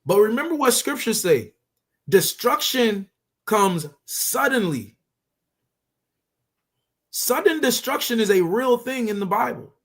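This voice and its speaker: A man's voice: very high voice, big pitch swings, slow pace, pauses often, fairly bright tone. A man teaching scripture in a casual street style, emphatic and conversational, often repeating his points for stress. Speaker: religious teacher.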